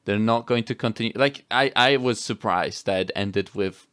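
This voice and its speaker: A man's voice: fairly low pitch, fairly even intonation, normal speed, few pauses, pushed and bright, clear, resonant tone, dry recording, studio quality. A man co-hosting a podcast, chatting loosely about a film with many "like"s and "you know"s. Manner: rambling, many fillers and laughs. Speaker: podcast co-host. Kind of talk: casual film review chat.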